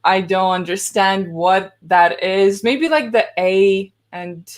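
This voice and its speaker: A woman's voice: mid-range voice, takes it slowly. A woman with a Ukrainian accent, a photographer chatting casually on a live stream over a video call, laughing often. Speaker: guest photographer. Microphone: video call, later gaming headset.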